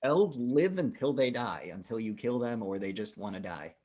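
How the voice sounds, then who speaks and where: A man co-hosting a casual podcast, recounting film scenes in an animated, profane way. His voice sits at an average pitch for a man. He talks like he is chatting with a friend. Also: moderate pace, lo-fi sound. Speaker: podcast co-host.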